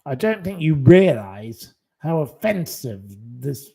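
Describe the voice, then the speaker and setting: Slow, indignant man scolding. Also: on the high side, very animated, gravelly, warm tone. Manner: indignant, scolding, blunt and profane; repeats short dismissals. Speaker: live-stream host. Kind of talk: live-stream chat, answering commenters.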